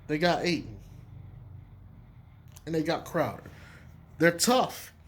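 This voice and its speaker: A man giving casual basketball opinions in an emphatic, profane, animated way. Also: fairly high pitch, slow pace, a little hiss or hum. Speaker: sports commentator. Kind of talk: casual sports opinion talk.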